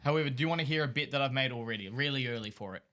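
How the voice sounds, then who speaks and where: A man's voice: medium pitch, very fast. Laid-back man chatting about football. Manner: laid-back, rattles off lists flatly. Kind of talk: casual sports chat.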